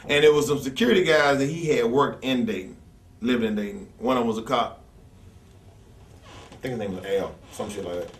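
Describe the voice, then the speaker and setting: A man's voice: mid-range voice, brisk, long pauses. A man telling stories in a blunt, profane rant as an interview guest, acting out the people he quotes. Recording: echoey room, distant from mic.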